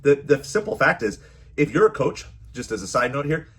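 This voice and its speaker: A man's voice: mid-range voice, lively intonation, brisk, fairly bright tone, a little hiss or hum. A man who is a youth baseball coach and parent, giving casual, earnest advice to camera and often repeating his phrases.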